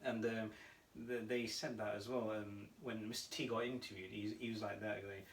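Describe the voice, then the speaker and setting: A man co-hosting a casual podcast, telling stories with animated energy and frequent laughter. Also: fairly low pitch, normal speed, slight background noise. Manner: animated storytelling, laughs often. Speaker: podcast co-host. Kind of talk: casual chat. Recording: roomy echo, mic at a distance.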